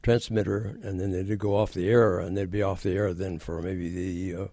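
An older man in his nineties, a war veteran, telling stories in an interview, unhurried and halting with many fillers. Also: sits low, flat delivery, dark tone, no echo. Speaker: Korean War veteran guest. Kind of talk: interview storytelling.

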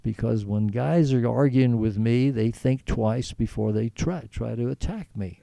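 Older man, earnest rambling storyteller, very dark gravelly voice, dry close sound. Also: mid-range voice, a little slow, no room sound. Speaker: interviewee. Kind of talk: storytelling in conversation.

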